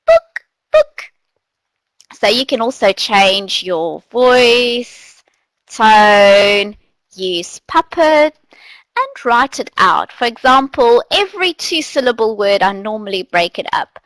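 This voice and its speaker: Slow, playful woman teacher trainer. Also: a little high, no echo, low-quality recording. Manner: animated, demonstrative, playful voice changes. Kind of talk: online teacher training talk.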